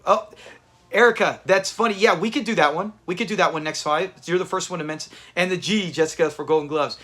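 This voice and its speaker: A man's voice: high voice, fairly quick, a bit bright. A man hosting a live watch party, chatting casually with viewers and thanking them by name. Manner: chatty, reads out viewer names, restarts often.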